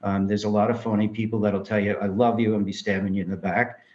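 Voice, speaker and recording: Fast and lo-fi, a low-sided voice belongs to a New York filmmaker sharing his life story in an interview. He brings the quoted dialogue to life by acting out each person's voice.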